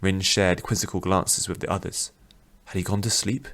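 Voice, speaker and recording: A man reads a fantasy audiobook in a steady, measured way. His voice sits very low. The delivery is plain storytelling. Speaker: audiobook narrator.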